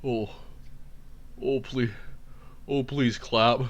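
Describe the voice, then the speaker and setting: A man's voice: mid-range voice, steady tone, very slow, voice pushed down. A man doing a parody impression of a meek male politician who pleads and moans. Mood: pleading. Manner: pleading, soft then moaning.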